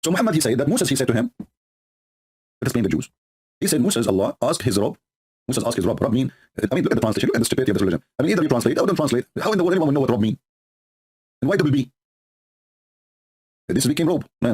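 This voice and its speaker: A man speaking broken rattles through a mocking monologue at a very fast clip. His voice is husky, and his pitch leaps up and down as he scoffs. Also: big pitch swings, darkish tone. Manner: sarcastic, mocking, broken English. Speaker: host of a religious debate stream.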